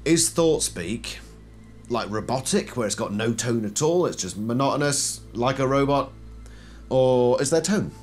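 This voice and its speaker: A man's voice: mid-range voice, animated, unhurried, a little mellow, soft background music. A man giving a casual explanatory commentary, posing questions and then answering them himself. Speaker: video essayist.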